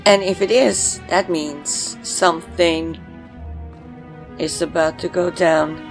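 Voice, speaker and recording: Let's-play host, woman, slow, gravelly, emotional commentary. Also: on the low side, fairly even intonation, soft background music. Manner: emotional, reflective. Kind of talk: gameplay commentary.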